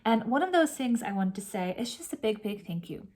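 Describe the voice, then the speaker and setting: A woman hosting a cross-stitch vlog, chatting warmly and emotionally to camera from home, with soft whispered asides. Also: a little high, lively intonation, brisk. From California. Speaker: Flosstube host. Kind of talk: casual chat to camera.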